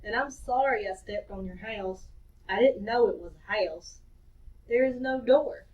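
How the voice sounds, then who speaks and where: A woman's voice: medium pitch, unhurried, darkish tone, natural voice. A woman voicing a young male Arctic hare who is eager and a little timid in a storybook reading. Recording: distant dull lo-fi recording.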